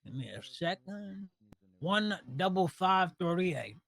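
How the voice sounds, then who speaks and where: A man playing a police officer in a roleplay game, giving a hesitant, matter-of-fact report full of pauses. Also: high-pitched, very animated, creaky, a bit bright, no room sound.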